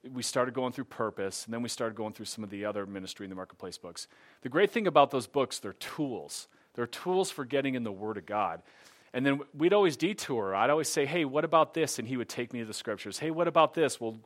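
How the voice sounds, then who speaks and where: A middle-aged man with a slightly low voice shares his personal testimony in an easygoing, conversational way. He sounds earnest and grows more animated when he quotes others. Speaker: speaker sharing a personal faith testimony. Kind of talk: casual personal testimony talk.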